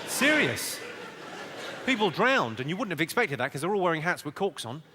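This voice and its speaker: A southern English man doing stand-up comedy, his fairly high voice swooping up and down as he lands dry, deadpan one-liners. He teases the crowd with a sly edge. The live recording is buried under loud background noise. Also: moderate pace. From England.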